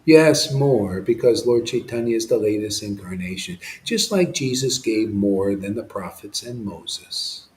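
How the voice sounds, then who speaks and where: A man's voice: lowish voice, expressive, unhurried, hardly any pauses, darkish tone, roomy sound, low-quality recording. A man giving an informal devotional satsang talk, rambling and impassioned, with frequent restarts and asides. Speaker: devotional speaker.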